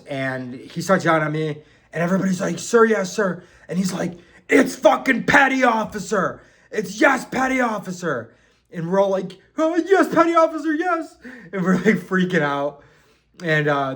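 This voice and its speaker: This young man, a vlogger, tells his boot camp story loosely and rambling, swearing freely and leaning heavily on "like" and "um." His voice sits at a medium pitch and sounds a bit bright.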